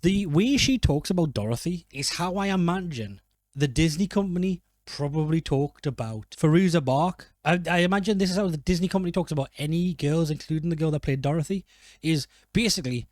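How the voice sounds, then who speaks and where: A man's voice: fairly high pitch, a little fast, a little mellow, dry recording. Rambling, jokey man reviewing films. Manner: rambling, jokey, self-correcting. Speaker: film reviewer. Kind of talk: casual film commentary.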